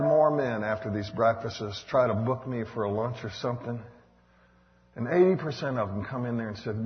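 A man preaching a sermon, swinging between loud bursts and hushed asides. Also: medium pitch, moderate pace. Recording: dull echoey hall recording.

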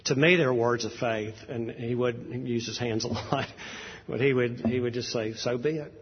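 Speaking at a normal speed in a steady, medium-pitched tone, a male pastor introduces his sermon conversationally, leaning on anecdotes and often restarting or using fillers. The recording sounds dull, with echo from a reverberant hall.

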